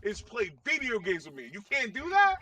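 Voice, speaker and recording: A man in casual chat, ribbing a friend with hyped teasing. His voice is high and bright, and his pitch leaps around. He sits away from the mic. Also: wildly swooping pitch, brisk, far from the mic.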